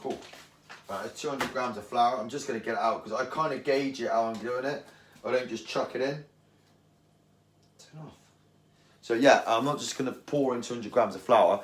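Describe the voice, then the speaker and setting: Man, casual slangy rant, rambling, mid-pitched voice, echoey room. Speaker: angling vlogger. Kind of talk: casual ranting chat.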